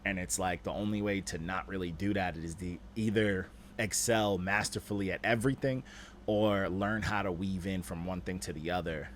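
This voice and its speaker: A man with a lowish voice gives a loose, slang-heavy critique of rap verses as a stream host. He keeps circling back with "you know what I'm saying" and talks with easy energy. A faint hum of background noise sits under him. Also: fairly even intonation, moderate pace. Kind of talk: casual critique of rap submissions.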